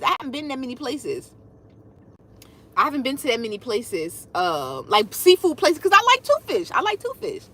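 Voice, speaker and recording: Woman, young, food creator, casual livestream chat, high voice, bright. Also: normal speed, a little hiss or hum. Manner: animated, talks straight to viewers, reads out comments.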